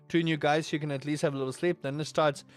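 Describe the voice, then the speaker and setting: Guy streaming a game, rambly chat, highish voice, faint music behind. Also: fast. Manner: rambling, animated storytelling with sudden loud outbursts. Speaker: gaming streamer. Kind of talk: casual stream chat while playing.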